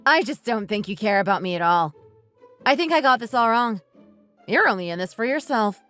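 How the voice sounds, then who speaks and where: A woman's voice: fairly high pitch, expressive, brisk, fairly bright tone, soft background music. A woman voicing a bitter, resentful wife who bluntly accuses her husband and wants a divorce. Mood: accusing. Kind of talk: text-message story dramatization.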